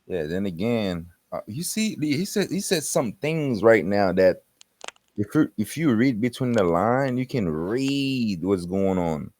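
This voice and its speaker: A man's voice: lowish voice, very animated, unhurried, a little mellow, no echo. A man hosting a casual commentary show, reacting in a mocking, reactive way. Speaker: host.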